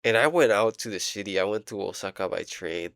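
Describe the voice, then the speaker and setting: A young man rambling casually in a diary vlog, halting and full of fillers, swearing now and then while he plays a game. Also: fairly low pitch, lively intonation, a bit bright, clean tone, no echo, studio quality. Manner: playing a game while talking. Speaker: vlogger.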